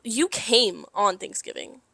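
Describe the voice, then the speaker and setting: Bright, animated young woman storyteller. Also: mid-range voice, a little slow, creaky, no echo. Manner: animated storytelling with swearing and laughter. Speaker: podcast co-host. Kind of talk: casual chat.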